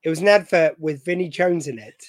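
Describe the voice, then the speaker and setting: A man's voice: fairly high pitch, a little fast, dry recording. Chatty British man, dry close mic. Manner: chatty, joking, rambling asides. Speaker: podcast co-host. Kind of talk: casual chat.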